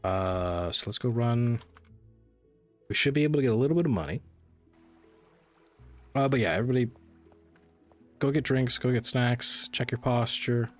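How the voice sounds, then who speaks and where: This gaming streamer, at medium pitch and moderate pace, pauses often as he rambles chattily to viewers while playing a cozy game. Soft music plays underneath.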